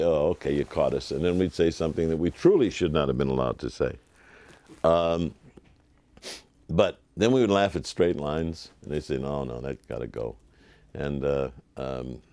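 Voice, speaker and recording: An older man, a television producer, telling lively anecdotes in an interview and acting out the voices of people he quotes. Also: sits low, no room sound. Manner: animated, acts out quoted voices.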